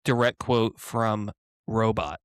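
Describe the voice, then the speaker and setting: A man co-hosting a political podcast who recounts news in a wry, deadpan way and sometimes stammers. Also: on the low side, slow pace, clear, resonant tone, no room sound, clean studio sound. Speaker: podcast co-host. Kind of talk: casual political chat.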